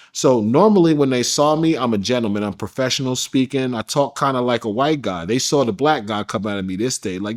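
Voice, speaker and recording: A man's voice: medium pitch, brisk. A man being interviewed, telling a personal story in a casual, emphatic way with plenty of slang. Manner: emphatic, slangy, addresses listener as bro. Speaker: interview guest.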